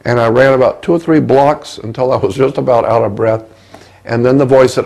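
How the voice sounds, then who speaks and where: Man, gravelly, conversational, rambling, repeats words, interview guest. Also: medium pitch, steady tone, brisk, darkish tone, poor audio. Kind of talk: recounting personal experiences in conversation.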